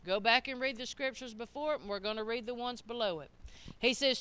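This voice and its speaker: A middle-aged woman preaching a sermon in a church, emphatic and swinging up to shouted peaks. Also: fairly high pitch, animated, brisk, clean tone.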